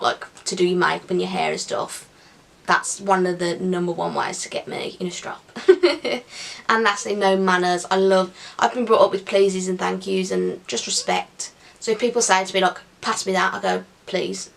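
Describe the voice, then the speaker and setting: A woman's voice: medium pitch, vocal fry. A young woman chatting casually to camera in an upbeat Q&A vlog, with giggly asides. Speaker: vlogger.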